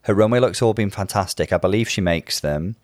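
A man's voice: fairly low pitch, fast, no echo, clean studio sound. A man co-hosting a casual chat, talking loosely with many fillers and asides. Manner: chatty, with frequent fillers and asides. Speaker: podcast co-host.

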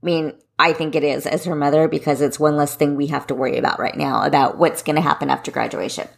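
A woman's voice: low voice, steady tone, fast talker, gravelly. A woman in her forties hosting a solo podcast, giving running tips in a direct, encouraging way. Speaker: podcast host and running coach.

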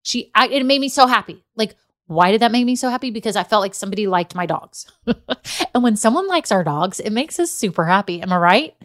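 A woman's voice: medium pitch, expressive, fairly quick, a bit bright. A middle-aged woman, a business coach telling stories in a casual motivational talk. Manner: chatty storyteller, addresses listeners as y'all.

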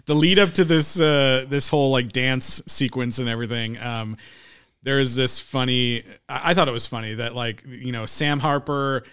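A man's voice: mid-range voice, steady tone, moderate pace, fairly bright tone, smooth. A man co-hosting a podcast, chatting about an old film in an amused way, laughing often and quoting lines. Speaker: podcast co-host.

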